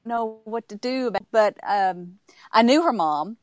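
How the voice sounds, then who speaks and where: A woman author and speaker, a guest in an interview, telling stories in a halting way with frequent restarts and fillers. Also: mid-range voice, no room sound, clean studio sound. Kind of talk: casual interview storytelling.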